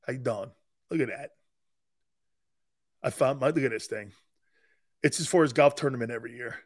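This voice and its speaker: A man in his sixties hosting a sports talk show, telling loud, profane stories with frequent laughs. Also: medium pitch, moderate pace.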